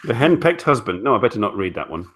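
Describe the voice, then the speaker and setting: A man's voice: on the low side, very animated, fast talker, a bit bright, slightly rough. An older man hosting a casual online hangout, talking in a self-mocking way and tripping over his words. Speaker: host of a weekly online hangout. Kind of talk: casual chat.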